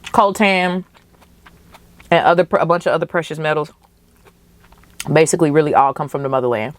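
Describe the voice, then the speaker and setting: Podcast host, young woman, low voice, passionate casual movie reaction. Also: fairly quick. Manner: animated, emotional, profane, slangy.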